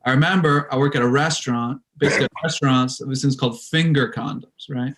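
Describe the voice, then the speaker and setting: A man's voice: mid-range voice, fast talker, a bit bright. A man telling a story in a stand-up set over a video call. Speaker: stand-up comic.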